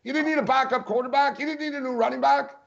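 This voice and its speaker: A man's voice: very high voice, fairly even intonation, fast, creaky, fairly bright tone, lo-fi sound. A man co-hosting a sports podcast, talking emphatically and repeating points for stress. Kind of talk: casual sports talk.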